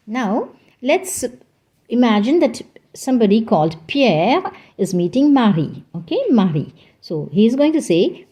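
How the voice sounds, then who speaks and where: A woman from India with an Indian English accent, a native Hindi speaker, teaching a beginner language lesson slowly and patiently, repeating phrases for learners. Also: medium pitch, very animated, warm tone, breathy edge. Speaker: French teacher.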